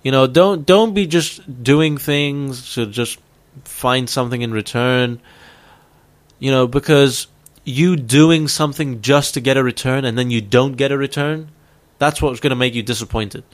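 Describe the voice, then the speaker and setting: A man's voice: mid-range voice, a little slow. A man co-hosting a podcast, joking and teasing in casual banter and laughing often. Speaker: podcast co-host.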